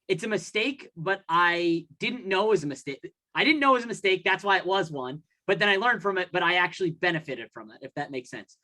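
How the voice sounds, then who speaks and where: A man's voice: high voice, pushed and bright. A man hosting a podcast, telling a long story in a rambling way. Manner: rambling storyteller, acts out his own thoughts. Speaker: podcast host. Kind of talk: casual podcast chat.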